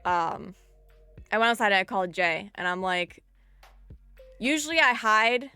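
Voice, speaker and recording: A young woman streaming live, telling a story in an animated, chatty way with lots of "like". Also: mid-range voice, unhurried, smooth, faint music behind.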